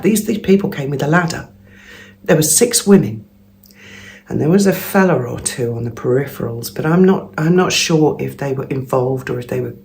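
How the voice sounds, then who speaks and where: Gravelly-voiced woman gossiping. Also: low voice, darkish tone, slight background noise. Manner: gossipy, chatty, laughs often. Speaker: vlogger. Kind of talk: casual storytelling monologue. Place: at home early in the morning.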